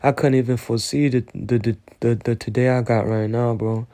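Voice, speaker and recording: A man's voice: mid-range voice, steady tone, a little fast, mellow. Emotional man, near tears. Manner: rambling, emotional, slangy. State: on the verge of tears. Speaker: solo show host. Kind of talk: personal confessional monologue.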